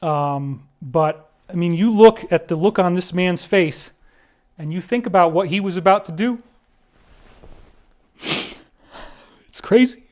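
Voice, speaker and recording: A man's voice: sits high, moderate pace. A man talking through a series of photos in an earnest, emphatic monologue, often addressing listeners directly. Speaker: commentator.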